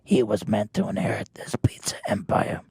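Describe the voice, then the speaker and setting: A man voicing a mock Italian mafia boss with a put-on Italian accent, gravelly and halting, who keeps complaining that he gets no respect. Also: fairly low pitch, sing-song, dark tone, dry recording, in a whisper, full character voice. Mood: indignant. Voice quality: gravelly, halting, repeating himself. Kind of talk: comedic impression on a podcast.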